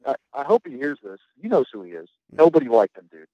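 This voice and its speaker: A man's voice: medium pitch, sing-song, quick pace, mellow, dry recording, dull audio. A man telling rambling, profane stories about his navy days in a casual podcast chat, often restarting his sentences. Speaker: guest, navy veteran.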